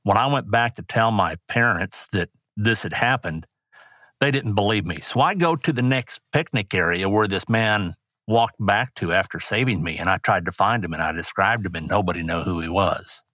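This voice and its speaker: Older male guest, rodeo announcer type, low-pitched, dry close sound, earnest storyteller. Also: lively intonation, normal speed, sharp tone, no room sound. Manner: earnest, rambling anecdotes with restarts. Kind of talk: personal storytelling interview.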